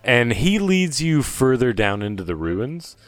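A man narrating as game master of a tabletop game, describing scenes in a relaxed, rambling way, with faint music behind. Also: medium pitch, unhurried, no echo. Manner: descriptive, relaxed, with restarts and fillers.

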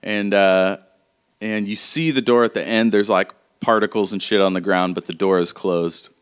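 Low-voiced male game master. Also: steady tone, moderate pace, clean tone. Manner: loose, casual, laughing often. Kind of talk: narrating a tabletop game.

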